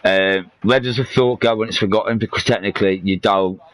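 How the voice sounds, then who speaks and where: A man with a very deep voice chats casually over a headset during a game stream. He muses playfully and laughs often at his own jokes. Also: steady tone, brisk, fairly bright tone, no room sound. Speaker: livestream host. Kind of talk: casual chat while gaming.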